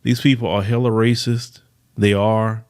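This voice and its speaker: A man's voice: on the low side, little pitch movement, unhurried, a little mellow, clear, resonant tone. A man hosting a podcast, giving emphatic news commentary, reading reports aloud and repeating words for stress. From United States. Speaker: podcast host.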